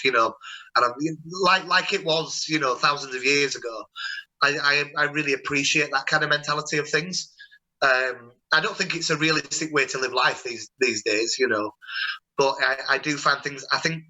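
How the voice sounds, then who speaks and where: Young male host, bright tense tone, rambling conversational storyteller. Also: medium pitch, moderate pace, low-quality recording. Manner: chatty, rambling, warm storytelling with many restarts. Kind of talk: casual video-call chat.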